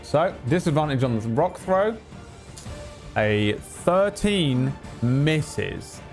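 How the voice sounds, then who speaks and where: A man's voice: on the high side, very animated, slow pace, soft background music. A man narrating a tabletop game as game master, vivid and descriptive with frequent fillers.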